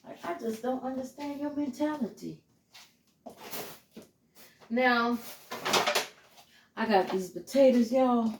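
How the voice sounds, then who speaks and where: A woman's voice: fairly high pitch, a little slow, long pauses, reverberant, slight background noise. A middle-aged woman chatting casually with viewers while she cooks in her home kitchen, calling them "y'all". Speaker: home cooking vlogger. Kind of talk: casual chat while cooking.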